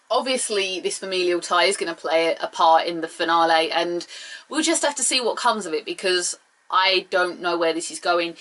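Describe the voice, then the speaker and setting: A woman's voice: medium pitch, pushed and bright. A young woman, chatting casually and with strong opinions as she reviews a show for her viewers. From England. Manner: chatty, opinionated, rambling asides. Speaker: video reviewer.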